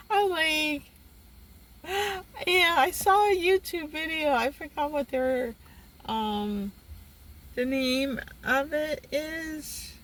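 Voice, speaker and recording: A young woman telling a personal story in a casual vlog, animated and exasperated, with sudden jumps in pitch. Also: extremely slow, low-quality recording. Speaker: vlogger.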